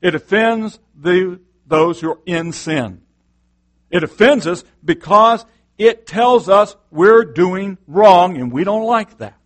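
Passionate preaching man, fairly high voice. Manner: impassioned preaching with rhetorical questions. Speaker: pastor. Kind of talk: sermon.

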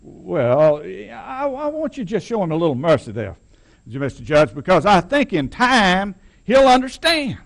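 A man's voice: sits high, big pitch swings, a little slow, creaky, voice pushed up, heavily acted. A man voicing an ingratiating older Southern male town boss, with a folksy, drawling, coaxing way of talking.

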